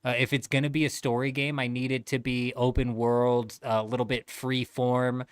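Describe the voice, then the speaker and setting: A man's voice: medium pitch, little pitch movement, moderate pace, smooth, no echo, studio quality. A man in his thirties chatting casually on a gaming livestream, laid-back and rambling, swearing freely.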